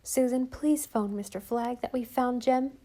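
A woman's voice: fairly high pitch, unhurried, dark tone, pitched above the performer's own voice. A woman reading the lines of a loving young mother in an audiobook, in a tender, soothing tone.

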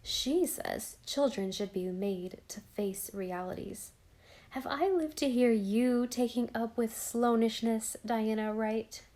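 A woman reading an audiobook aloud, narrating and voicing the dialogue in a gentle, expressive way. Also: a little high, slow.

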